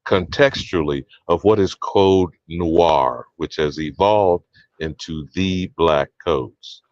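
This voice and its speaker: A deep-voiced man leads a panel and lectures with emphasis, often turning to others for agreement. His voice is dry and close. It comes through a dull, lo-fi online call. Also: slow pace, no room sound. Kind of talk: history discussion panel.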